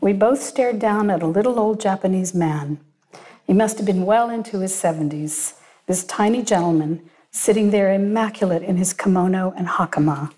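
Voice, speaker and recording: Mellow woman reading a story. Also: mid-range voice, normal speed. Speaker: narrator. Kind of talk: first-person story reading.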